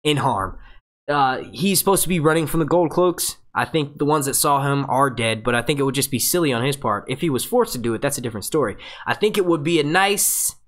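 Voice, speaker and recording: An excitable man hosts a live breakdown stream in a loose, casual way. He swears freely and keeps jumping into jokey impressions, talking into a webcam mic in front of a green screen. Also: mid-range voice. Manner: excitable, profane and jokey, does quick impressions. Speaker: livestream host.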